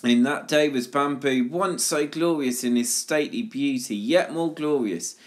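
Brief: man of medium pitch, measured church storyteller reading a parable. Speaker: prayer leader at a church children's service.

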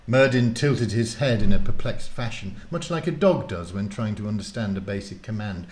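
A man, the author, introducing and reading his children's book aloud in a lively, casual way. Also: fairly low pitch, moderate pace, hardly any pauses, reverberant. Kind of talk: storybook reading.

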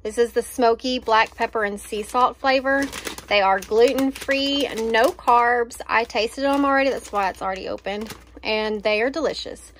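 A woman's voice: on the high side, moderate pace, fairly bright tone, slight background noise. A woman, chatting casually and enthusiastically about her groceries, with lots of fillers. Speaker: vlogger showing a grocery haul. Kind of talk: casual chat.

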